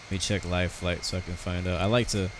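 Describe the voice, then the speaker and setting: A man's voice: low-pitched, flat delivery, quick pace, background noise. An American man chatting casually and rambling through live commentary on his flight sim stream, talking to his viewers.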